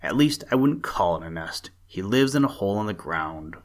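A man's voice: low voice, big pitch swings, normal speed. A man voicing a grinning old male frog in a storybook reading, teasing and matter-of-fact.

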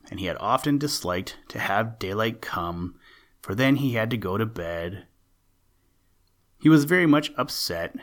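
A man narrating a children's animal story in an expressive, lively reading style. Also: on the low side.

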